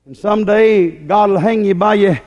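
A man preaching a fiery, folksy sermon to his congregation, often shouting and climbing in pitch. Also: normal speed, lo-fi sound. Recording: long hall reverb.

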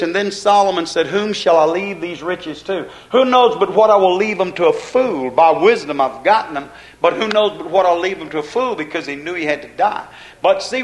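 High-voiced preacher in full flow. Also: male voice. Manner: rhythmic preaching with repetition and rising emphasis. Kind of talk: sermon.

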